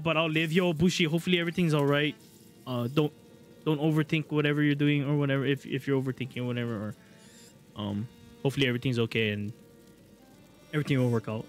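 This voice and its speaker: A man streaming a video game live, excitable, swearing a lot and joking with chat. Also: on the high side. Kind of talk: live gameplay commentary.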